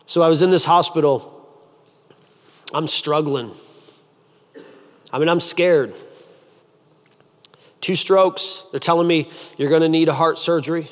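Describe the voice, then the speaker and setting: Pastor preaching in a reverberant hall. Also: male voice, on the high side, measured pace, pauses often. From United States. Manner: animated storytelling, acts out voices. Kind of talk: sermon.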